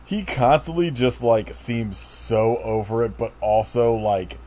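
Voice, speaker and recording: A man's voice: mid-range voice, animated, unhurried, a little mellow, slight background noise. A man co-hosting a podcast, chatting casually and making dry joking asides. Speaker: podcast co-host. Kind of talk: casual recap chat.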